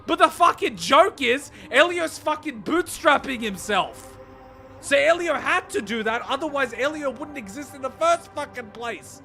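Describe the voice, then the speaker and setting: A man reacting to a game story, ranting excitedly and swearing heavily. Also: very high voice, normal speed, faint music behind. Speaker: reaction streamer.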